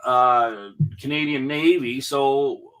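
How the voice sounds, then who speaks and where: A man's voice: medium pitch, slow pace, fairly bright tone, clean tone, rough recording. A man chatting as a guest on a whisky show, rambling and joking through asides. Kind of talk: casual chat.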